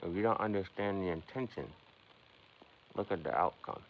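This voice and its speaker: This man has a deep voice and talks at normal speed while hosting a relaxed livestream, musing and wandering off on tangents as he addresses his chat directly. The audio is dull and lo-fi, with a little background noise.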